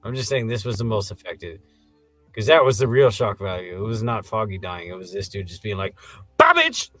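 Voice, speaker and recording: A man co-hosting a podcast, recapping a show in casual chat, laughing and jumping into silly high voices. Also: brisk, dry recording, soft background music. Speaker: podcast co-host.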